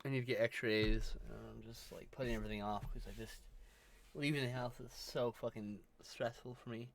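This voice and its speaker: A man's voice: mid-range voice, fairly even intonation, moderate pace, gravelly. A man chatting casually on a livestream, rambling, swearing freely and trailing off mid-sentence. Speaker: livestream co-host. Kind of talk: casual chat while drawing.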